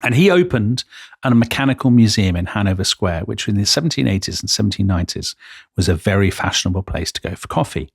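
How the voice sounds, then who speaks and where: Lowish man telling history stories. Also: lively intonation, quick pace, gravelly, husky, no room sound, clean studio sound. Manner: storytelling, enthusiastic, full of asides. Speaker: podcast co-host. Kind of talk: casual history podcast chat.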